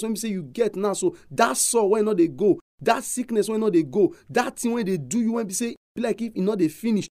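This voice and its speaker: High-voiced Nigerian pastor preaching. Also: male voice, lively intonation, fairly quick, few pauses, mellow, no echo, clean studio sound. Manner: emphatic, repetitive storytelling. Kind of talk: preaching sermon in Pidgin.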